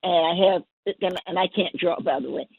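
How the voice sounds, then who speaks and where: Husky woman on a tinny phone line. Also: fairly low pitch, normal speed, no room sound. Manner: rambling, many restarts, gentle. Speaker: poet and guest. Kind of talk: storytelling on a call-in show.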